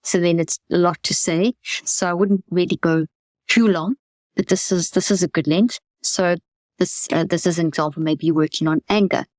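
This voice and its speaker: A woman with a fairly low voice coaches listeners through a self-help method in a webinar talk. She is earnest and gentle and often restarts her words. The sound is close and dry. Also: fairly even intonation, moderate pace, dry recording. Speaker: podcast host teaching a mental health method.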